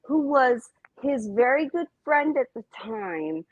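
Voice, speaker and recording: A woman's voice: high voice, animated, slow pace, no room sound, narrow, tinny audio. A woman, a co-host telling gossip dramatically in a casual live-stream chat.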